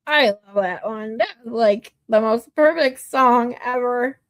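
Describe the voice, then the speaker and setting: A high-voiced woman streamer chats in a slow, unhurried way. She is amused and talks back to paused footage as she comments on it. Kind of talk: casual chat.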